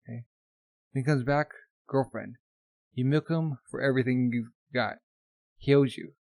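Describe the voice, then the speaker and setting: A man's voice: medium pitch, moderate pace, vocal fry, darkish tone, dry recording, close to an everyday voice. A man voicing a flamboyant, gushing middle-aged shop owner in a campy manner.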